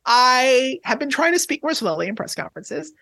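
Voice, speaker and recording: A man who is a tennis journalist, chatting as a podcast guest, talking quickly and excitably with lots of restarts. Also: very high voice, vocal fry. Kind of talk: casual podcast chat.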